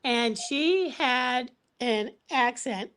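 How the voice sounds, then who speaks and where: A woman from the Pittsburgh area chatting as a guest on a live panel, full of quick asides and fillers. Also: sits high, lively intonation, fairly bright tone, clean tone. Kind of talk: casual chat.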